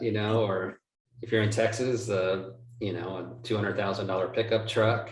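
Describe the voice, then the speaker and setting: A man's voice: fairly low pitch, fairly even intonation, normal speed. A man, a real estate investor guest, answering interview questions in a rambling, self-correcting, joking way. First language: not from the United States. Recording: roomy, distant mic.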